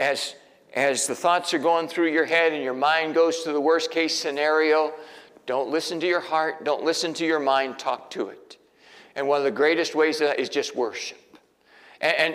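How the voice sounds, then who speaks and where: A man preaches a Sunday sermon in a church. His voice sits a little higher than most men's and rings out in a long, echoing hall reverb. He shifts from soft, hushed, almost whispered prayer to loud, emphatic exhortation. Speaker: pastor. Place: church sanctuary.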